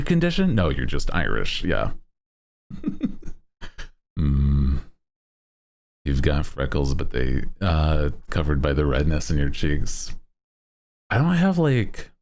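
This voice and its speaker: A man's voice: extremely low pitch, darkish tone. A man streaming and chatting casually with his viewers in a playful, self-mocking way, laughing often. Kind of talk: casual chat.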